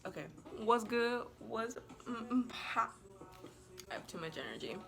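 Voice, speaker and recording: A woman's voice: on the high side, expressive, measured pace, vocal fry, fairly bright tone. Bubbly rambling woman vlogger. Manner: chatty and rambling, heavy use of "like"; bubbly and giggly, apologizes playfully. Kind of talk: casual storytime vlog.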